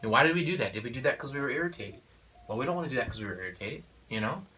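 A man's voice: medium pitch, animated, rapid-fire, bright, forceful tone, distant mic, low-quality recording. A man and father of four speaking in a casual conversation, in an emphatic, preachy way with frequent "you know" and "okay?". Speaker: father of four sharing parenting views.

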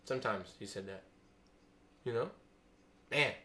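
A man preaching an informal sermon, excitable, laughing, then dropping to a hushed, awed tone. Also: lowish voice, measured pace.

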